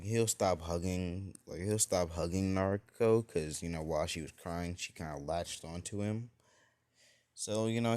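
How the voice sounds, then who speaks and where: A man with a very low voice tells an improvised fan-fiction story in a loose, rambling way. He keeps circling back with fillers and restarts, like someone making it up as he goes. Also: mellow.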